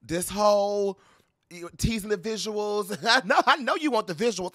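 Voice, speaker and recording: A young adult man giving playful, sassy pop culture commentary to camera, dramatic and full of mock quotes and quick laughs. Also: high-pitched, sing-song, a bit bright, dry recording, studio quality. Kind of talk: animated casual commentary to camera.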